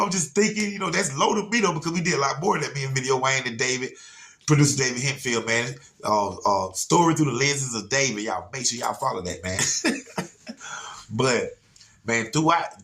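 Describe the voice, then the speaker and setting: A man's voice: medium pitch, pushed and bright. Slangy storytelling man, repetitive and loose. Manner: loose, slangy, repeats words, laughs often. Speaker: storyteller addressing viewers. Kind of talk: casual storytelling to camera.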